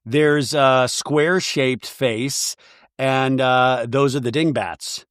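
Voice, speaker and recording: A man's voice: mid-range voice, takes it slowly, clean tone, no echo, studio quality. A man hosting a podcast, recapping a reality show in a wry, mocking comic tone. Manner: wry, mocking, lively delivery. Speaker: podcast host.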